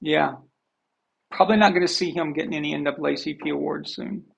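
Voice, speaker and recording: Gravelly, husky American man ranting bluntly. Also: on the high side, fairly even intonation, fast talker. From United States. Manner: blunt, rambling, repeats himself, swears casually. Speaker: host of a sports live show. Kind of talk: casual opinion rant on a live stream.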